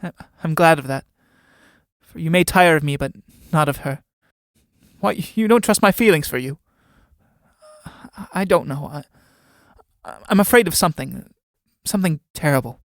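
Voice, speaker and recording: A man's voice: a little high, animated, a little slow, pauses often, a bit bright, dry recording, studio quality. A man voicing an anxious, devout young woman in a read-aloud play, speaking hesitantly and stammering. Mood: fearful.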